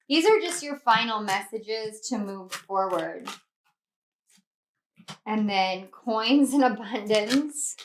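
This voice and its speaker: A woman with a fairly high voice gives a casual tarot reading to camera. She gushes with affection and circles back to the same encouragements again and again. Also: a little hiss or hum. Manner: effusive, affectionate, repeats encouragements. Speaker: tarot reader.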